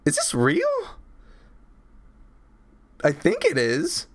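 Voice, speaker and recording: A man's voice: fairly high pitch, huge pitch swings, extremely slow. A young man reviewing a movie in a casual, rambling, crude way full of fillers.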